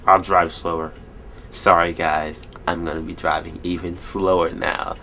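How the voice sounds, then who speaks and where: A man in his twenties rambling jokily through a late-night vlog at home, telling stories in an animated way. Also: sits low, measured pace, gravelly. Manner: rambling, jokey, animated storytelling. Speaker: vlogger.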